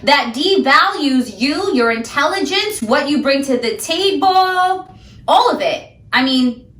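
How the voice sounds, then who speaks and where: A woman's voice: high-pitched, expressive, slow, fairly bright tone, distant mic. A woman talking straight to the camera about her sobriety, emphatic and ranting, addressing viewers as "guys" and "honey". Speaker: sobriety vlogger. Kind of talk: direct-to-camera motivational talk. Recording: echoey room, voice a bit off-mic.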